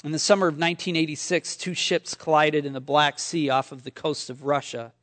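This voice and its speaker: High-voiced pastor preaching in a reverberant hall. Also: male voice, little pitch movement, brisk, fairly bright tone. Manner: conversational storytelling with humor. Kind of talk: sermon.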